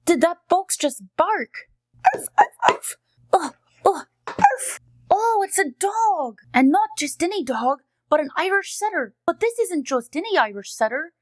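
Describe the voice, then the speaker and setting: A cheerful friendly dog host, played by a woman, chatting sweetly and teaching kids as she unboxes. Her voice is high and close, with a dry sound that has no room around it. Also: lively intonation, normal speed, no echo. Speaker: host of a kids' unboxing video. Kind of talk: kids' educational unboxing narration.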